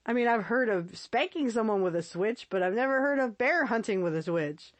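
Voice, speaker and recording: A woman's voice: fairly high pitch, expressive, a little fast, hardly any pauses, no room sound. A woman hosting a podcast solo, talking casually and chattily with frequent laughs and fillers. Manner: chatty and giggly, with lots of fillers and repeats. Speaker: podcast host.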